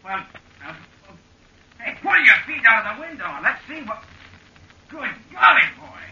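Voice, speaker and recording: A man playing an excitable, simple-minded young fellow, full of exclamations, in an old-time radio comedy. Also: extremely high pitch, normal speed, heavily acted. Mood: excited. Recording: dull roomy old radio recording.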